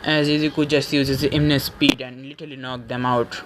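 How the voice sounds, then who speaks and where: A man retells a fan story in a loose, rambling way, swearing often and stumbling through restarts. His voice sits at a middle pitch, and his delivery stays casual. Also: flat delivery, background noise. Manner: profane, rambling, halting restarts. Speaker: story narrator.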